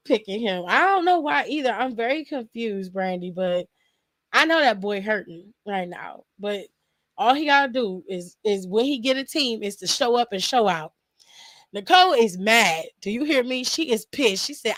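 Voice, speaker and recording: A young woman hosting a casual live stream from home, chatting with her viewers and laughing often. Her voice sits fairly high. The sound is close and dry, with no room around it. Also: animated, normal speed, a bit bright, dry recording. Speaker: wrestling aftershow streamer.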